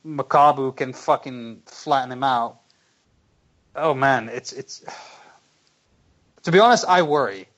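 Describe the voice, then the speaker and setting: Male podcast host, excitable and foul-mouthed, mid-pitched voice, stumbles over his words. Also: rough recording. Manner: profane, excitable, stammering restarts. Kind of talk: casual chat.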